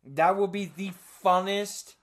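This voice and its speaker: A man in casual comedic chat, crude and profane, laughing often and breaking into loud bits. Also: high voice, fairly even intonation, slow pace.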